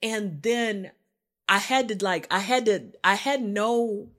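A woman's voice: mid-range voice, takes it slowly, a bit bright. A woman co-hosting a podcast, talking in a casual, informal way and acting out her own thoughts as she tells a personal story. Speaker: podcast co-host. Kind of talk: casual conversation.

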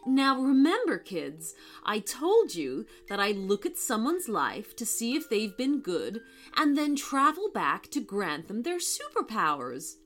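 A woman's voice: on the high side, wildly swooping pitch, measured pace, few pauses, fairly bright tone, faint music behind, heavily acted. A woman voicing a confident, cheerful adult time traveler who guides a group of children. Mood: kindly.

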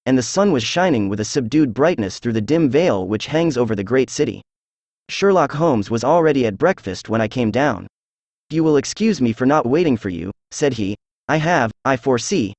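A synthesized male voice reading a classic detective story aloud as narrator, in an even, measured manner. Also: mid-range voice, no echo. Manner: even, measured text-to-speech reading of all parts.

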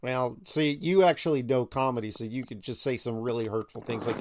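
A man's voice: medium pitch, fairly even intonation, fairly quick, a little mellow, slight background noise. A man from Florida co-hosting a casual podcast, jokey and self-deprecating. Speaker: podcast co-host.

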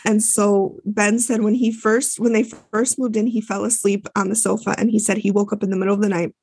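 A woman's voice: medium pitch, level tone, brisk, darkish tone, husky, no echo. A woman co-hosting a podcast, chatting casually as she recaps a show with many fillers and restarts. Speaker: podcast co-host.

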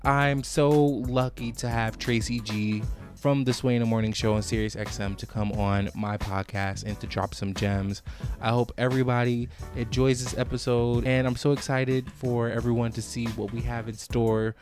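A young man hosting a podcast interview, excitable and slangy, laughing often. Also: mid-range voice, moderate pace, over music. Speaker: podcast host.

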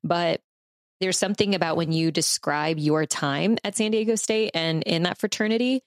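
A woman in her thirties talks on a podcast in a low, even voice. She sounds earnest and reflective and fills her sentences with fillers. The mic is close and dry, with no room sound. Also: moderate pace, dry recording. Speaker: podcast co-host. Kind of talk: casual podcast conversation.

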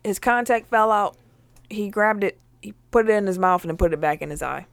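A woman's voice: mid-range voice, fairly quick, creaky, no room sound. A woman hosting a casual sports chat podcast, teasing the others and laughing often. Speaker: podcast host.

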